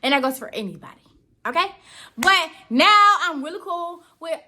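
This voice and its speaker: A woman's voice: extremely high pitch, lively intonation, normal speed, bright, forceful tone. A teenage girl from Georgia, telling a story in a chatty, slangy, playful way in a casual vlog. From Georgia, USA. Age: teens. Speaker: vlogger.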